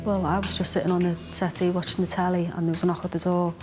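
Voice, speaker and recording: Quiet, numb woman. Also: on the low side, flat delivery, quick pace, soft background music. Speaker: mother. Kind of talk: emotional documentary interview.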